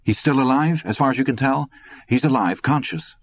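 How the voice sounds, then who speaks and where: A man's voice: mid-range voice, animated, a little fast, voice pushed up. A man voicing a worried, kind middle-aged father on a phone call in an audiobook. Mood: urgent.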